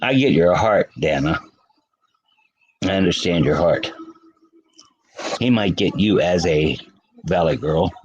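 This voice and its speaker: A man's voice: deep voice, expressive, slow pace, long pauses, slightly rough, dull audio. A man hosting a casual livestream, chatting with viewers by name and laughing often. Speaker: livestream host.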